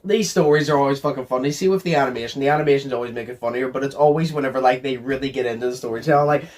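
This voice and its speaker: A man's voice: mid-range voice, racing. A man hosting a reaction video, chatting casually and laughing at the clip. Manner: laughing, relaxed, chatty asides. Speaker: reaction channel host.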